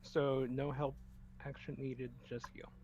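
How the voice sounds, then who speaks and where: A man playing in a tabletop game, talking casually and hesitantly with many ums and quick apologies. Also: mid-range voice, flat delivery, a little mellow, lo-fi sound. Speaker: player.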